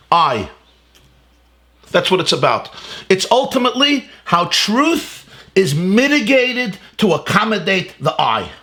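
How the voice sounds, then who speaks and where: A rabbi delivering a Torah lecture in a fairly high, lively voice that swings widely in pitch. He is emphatic, fires off rhetorical questions and repeats key words, weaving Hebrew and Yiddish terms into his English. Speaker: rabbi teaching a class.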